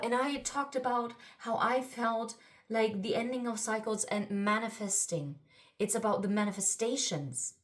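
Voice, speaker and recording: Woman, card reader, higher voice, excitable and exclamatory. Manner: excitable, exclaiming, swings between murmuring and loud. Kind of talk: intuitive card reading to viewers.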